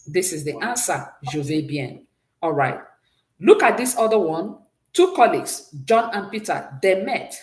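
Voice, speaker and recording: A woman's voice: fairly low pitch, expressive, unhurried, darkish tone, echoey room. A woman teaching a French exam-prep class, patiently drilling pronunciation and praising answers often. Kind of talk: exam-prep language lesson.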